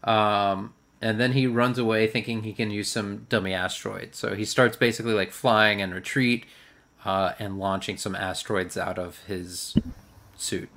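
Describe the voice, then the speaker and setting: A man's voice: lowish voice, steady tone, normal speed, a bit bright, a little hiss or hum. A man in casual chat, recapping an episode in a rambling way full of fillers.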